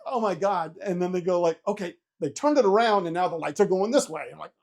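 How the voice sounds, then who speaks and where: A man's voice: high-pitched, fast talker. A middle-aged man, a retired helicopter pilot, casually telling a story, acting out what people said and swearing freely. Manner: animated retelling with quoted voices and swearing. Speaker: interview guest, retired Army helicopter pilot.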